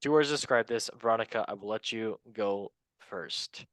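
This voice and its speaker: A man's voice: fairly low pitch, normal speed, fairly bright tone, no echo. A man hosting a football talk show in a playful, joking way. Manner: playful, joking, laughs often. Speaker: host. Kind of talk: casual chat. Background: faint background music.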